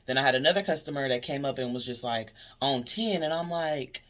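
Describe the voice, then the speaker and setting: Lively woman cashier vlogging. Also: extremely low pitch, brisk, hardly any pauses. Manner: animated storytelling, acting out customer exchanges; upbeat, preachy about positivity. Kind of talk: casual vlog monologue.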